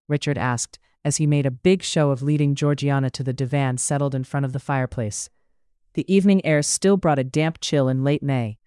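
A narrator reading a period romance story aloud in a steady, measured way. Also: mid-range voice, clean tone, no room sound, studio quality.

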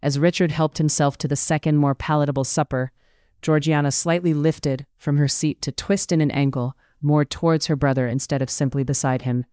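Calm measured audiobook narrator, crisp clean voice, no room sound. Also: mid-range voice, no room sound, studio quality. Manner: steady, measured reading. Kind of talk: scripted story narration.

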